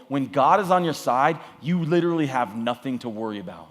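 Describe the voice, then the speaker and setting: Energetic man preaching in an echoey hall. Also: medium pitch, moderate pace, hardly any pauses. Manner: energetic, conversational preaching with repetitions. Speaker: camp speaker. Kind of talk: youth camp sermon. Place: camp meeting hall.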